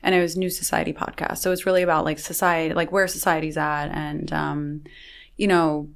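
A woman's voice: sits low, flat delivery, a little fast, creaky. A young woman talking as a podcast guest in a casual conversation, chatty and full of fillers.

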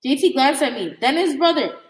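A woman reading a novel aloud in a halting way, with slips and restarts. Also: sits high, lively intonation. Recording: echoey room.

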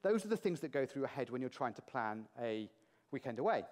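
A British man giving a lively, jokey conference talk to a large audience in a hall, asking the crowd questions as he goes. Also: mid-range voice, fairly quick. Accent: British English. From Britain. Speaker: conference speaker.

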